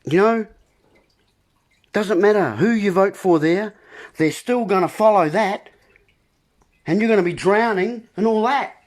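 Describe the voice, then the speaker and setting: Brief: male host, political rant, keeps repeating himself, talks straight to his listeners, voice on the high side. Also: unhurried, pauses often. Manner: repetitive, ranting, keeps calling out "folks". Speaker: video host. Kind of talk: political monologue.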